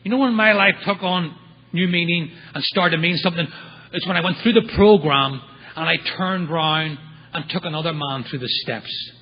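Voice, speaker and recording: A man's voice: on the high side, moderate pace, highs cut off. A man speaking at a recovery meeting, telling his story with humor and acting out the voices of people in it. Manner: animated storyteller acting out quotes.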